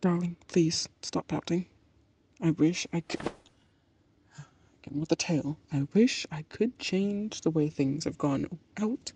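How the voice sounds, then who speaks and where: A voice actor playing a patient, teasing partner in an audio role-play, speaking slowly and calmly. The voice is warm and low in brightness, and the lines are drawn out. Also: slightly rough, exaggerated voice. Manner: calm, teasing, calls the listener darling.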